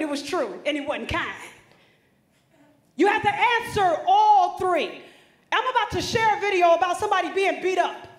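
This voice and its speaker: A woman giving an emphatic, preacherly motivational speech, talking directly to students. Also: extremely high pitch. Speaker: motivational speaker. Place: conference hall stage. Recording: echoey hall.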